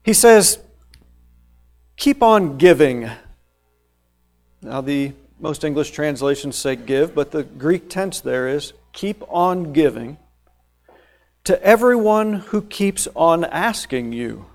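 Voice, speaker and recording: A man preaching a sermon, explaining scripture verse by verse and swinging between loud emphatic phrases and quieter asides. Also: lively intonation, takes it slowly, pauses often. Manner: emphatic, rising to loud stressed phrases then dropping low.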